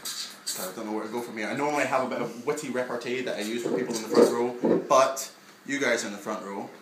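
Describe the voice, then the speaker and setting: A man's voice: medium pitch, fast. A young man doing a live stand-up set in a small basement venue, wry and self-deprecating, bantering with the front row. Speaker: stand-up comedian. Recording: echoey room with audience noise. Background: audience ambience and laughter.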